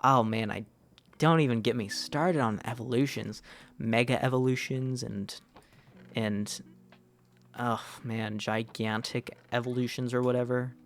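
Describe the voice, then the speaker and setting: Gravelly-voiced man rambling on a game stream. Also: medium pitch, steady tone, measured pace. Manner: rambling, self-correcting, answers chat as he plays. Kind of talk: casual gaming livestream chat.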